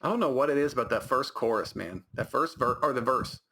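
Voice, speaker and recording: A man's voice: medium pitch, animated, fairly quick, bright, forceful tone. A man with an American accent co-hosting a casual podcast, rambling with many fillers and restarts. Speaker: podcast co-host. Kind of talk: casual chat.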